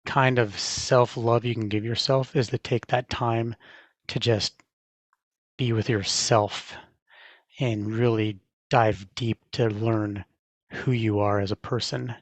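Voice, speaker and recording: Heard with no echo, a man of medium pitch sits as a podcast guest, a navy veteran. He chats casually with the interviewer in an earnest, reflective way and is quick to laugh.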